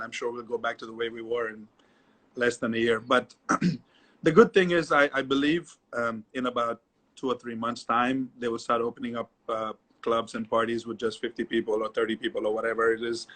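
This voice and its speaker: A middle-aged man, a dance teacher, talking as an interview guest, lively and repetitive, often adding "you know". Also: mid-range voice. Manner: animated storyteller, repeats himself, many "you know"s. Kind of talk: casual interview chat.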